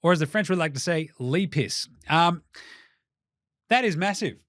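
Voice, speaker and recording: A man's voice: on the high side, moderate pace, dry recording, studio quality. Profane, joking Australian man. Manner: profane, jokey, animated, mocks teams in put-on voices. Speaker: basketball podcast host. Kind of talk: casual solo commentary.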